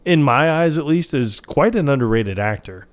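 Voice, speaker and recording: A podcast co-host chats casually in a mid-range voice with lively intonation and moderate pace, retelling scenes in a rambling way packed with fillers.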